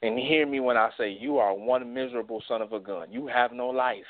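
A man's voice: mid-range voice, brisk, no room sound. A man co-hosting a casual chat show, talking emphatically and repeating himself to get the floor. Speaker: co-host. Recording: tinny phone-like sound.

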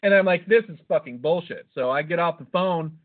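A podcast host with a high voice spins a meandering, foul-mouthed tale during laid-back chat, talking fairly quickly. His audio is thin and tinny, as though coming through a telephone.

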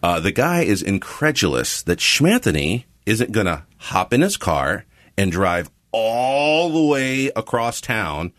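A man's voice: lowish voice, slow pace, no echo, clean studio sound. A man hosting a podcast, telling a story in casual chat with frequent laughs while acting out the people in it. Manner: animated, laughs often, acts out quoted voices. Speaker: podcast host.

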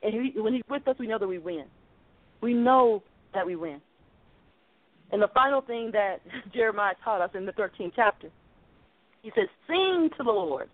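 A woman's voice: mid-range voice, normal speed, pauses often, no room sound. A woman preaching a sermon over a phone call, fervent and rhythmic, repeating her phrases. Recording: tinny phone line.

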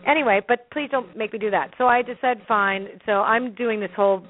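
A woman's voice: a little high, brisk, hardly any pauses. Chatty Canadian woman on a phone line. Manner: chatty, laughing, acts out her own quotes. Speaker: interview guest. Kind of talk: animated storytelling in conversation.

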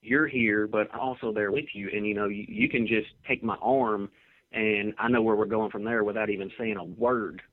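A man with a somewhat low voice tells long, laid-back anecdotes in a casual interview. He comes through a narrow, phone-like line. The sound is dry and close, with no room around it. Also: steady tone, normal speed, dry recording. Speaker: professional wrestler guest.

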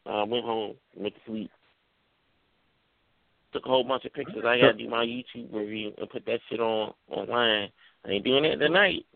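A man's voice: mid-range voice, moderate pace, vocal fry, dry recording, phone-quality sound. A man co-hosting a casual chat, laid-back and slangy, swearing freely.

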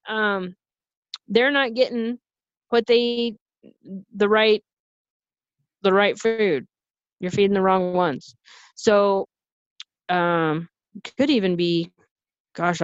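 A woman pet nutritionist talking casually on a podcast, passionate and animated, often restarting her sentences. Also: mid-range voice, clear, resonant tone, no room sound, lo-fi sound.

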